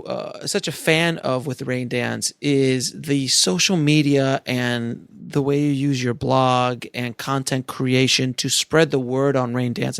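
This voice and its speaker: A man hosting a podcast interview, warmly complimenting his guest before asking long, winding questions. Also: mid-range voice, vocal fry, no room sound, studio quality. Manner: effusive, complimentary. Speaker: podcast host. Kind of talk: casual interview chat.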